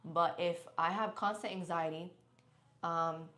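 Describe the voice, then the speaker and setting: Young woman streaming live, low-ish voice, talking candid, laughs a lot, roomy echo. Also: steady tone, a little slow, pushed and bright. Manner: chatty, laughs often, candid. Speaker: livestreamer. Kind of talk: casual live-stream chat reading comments. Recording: echoey room.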